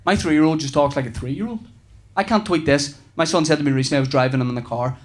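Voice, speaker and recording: High-voiced male comic telling family anecdotes. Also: fast talker. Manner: chatty anecdotes, acts out dialogue. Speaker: stand-up comedian and father. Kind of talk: stand-up routine.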